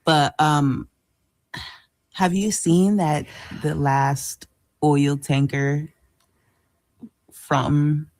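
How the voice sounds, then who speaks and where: Deep-voiced woman radio cohost, easygoing explaining, lots of ums, dry mic. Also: steady tone, extremely slow, long pauses, a little mellow, no echo. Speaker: radio show co-host. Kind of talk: casual chat. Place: radio studio.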